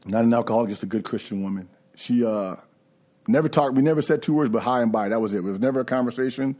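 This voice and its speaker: A man's voice: mid-range voice, quick pace, warm tone. A man giving a candid, conversational personal recovery testimony. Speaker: recovery speaker.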